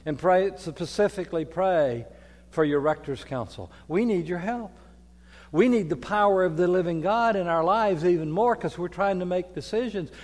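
An older man, preaching a folksy sermon as priest, moving from quiet reflection to loud storytelling. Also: high voice. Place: church. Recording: long reverb of a church hall.

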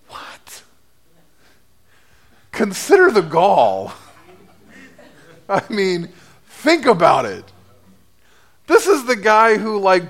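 A middle-aged man preaches a sermon as a priest, retelling scripture in a casual, storytelling way. His voice sits a little high and moves animatedly, leaping up and dropping low as he acts out the people in the story. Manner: lively storytelling, acting out voices with big pitch swings.

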